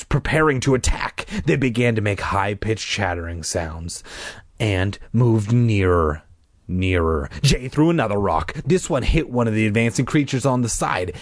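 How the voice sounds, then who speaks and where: With no echo and studio-quality sound, a male reader performs a children's horror book. His delivery is dramatic, full of shrill high character voices and casual side remarks.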